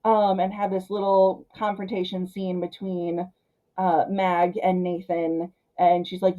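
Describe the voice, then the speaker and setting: Low, mellow woman reviewing a film. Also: measured pace, rough recording. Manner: chatty and animated, with frequent fillers.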